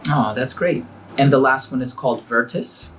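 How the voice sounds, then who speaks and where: A man's voice: mid-range voice, normal speed, fairly bright tone, slight background noise. Man explaining in friendly casual talk. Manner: explanatory, friendly, uses fillers like you know. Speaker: host and perfume brand founder. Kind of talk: casual interview.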